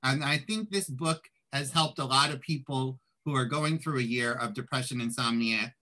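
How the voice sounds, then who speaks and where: This is a man in his thirties with a bright, clear tone, chatting casually as a guest on a video call. He rambles a little, jokes at his own expense and keeps it light. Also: medium pitch, normal speed, low-quality recording. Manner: chatty, joking, self-deprecating. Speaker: composer and writer, guest. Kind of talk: casual interview chat.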